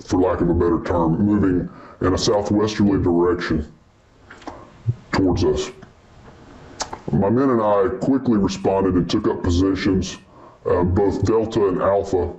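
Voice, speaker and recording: A man playing a deep, secretive ex-officer. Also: mellow, lo-fi sound. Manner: clipped military jargon, hesitant fillers. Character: secretive former military officer, grave.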